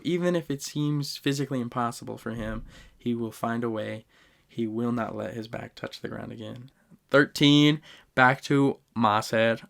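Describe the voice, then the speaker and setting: A man hosting a podcast, giving an animated, slangy ranking of favorite moments and talking straight to the listeners. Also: medium pitch. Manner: animated storytelling, swings loud and soft; slangy, addresses listeners directly. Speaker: podcast host. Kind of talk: casual fan ranking talk.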